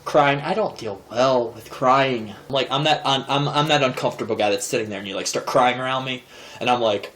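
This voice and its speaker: A man's voice: mid-range voice, a little fast, a bit bright. A man in his thirties talking to camera in a casual, rambling, self-deprecating comic monologue. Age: 30s. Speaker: vlogger host. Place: indoor room, seated in a chair. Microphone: camera propped in a desk drawer.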